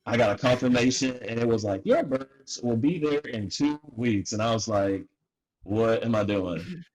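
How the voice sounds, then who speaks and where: Husky man telling a lively story. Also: mid-range voice, normal speed, poor audio. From North Carolina, USA. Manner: animated, acts out dialogue with laughs. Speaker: farmer and co-founder, podcast guest. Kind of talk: storytelling in casual interview.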